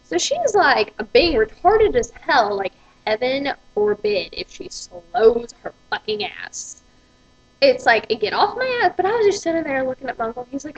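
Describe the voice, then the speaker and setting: A woman's voice: sits high, very animated, moderate pace, husky, lo-fi sound. A woman, ranting profanely and with exasperation in a vlog. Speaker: vlogger.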